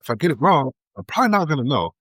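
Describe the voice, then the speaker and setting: A man who is a former police officer speaking on a casual podcast, animated and swearing freely as he talks. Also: on the high side, rapid-fire, no echo.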